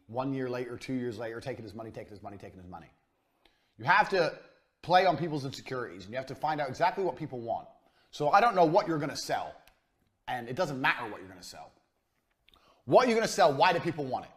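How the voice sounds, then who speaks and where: Male business lecturer, crude and blunt, pitch swinging up and down, drives each point home by repeating it. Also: sing-song, quick pace. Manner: blunt, profane, hammering repetition. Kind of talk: business lecture to a live audience. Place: university lecture room.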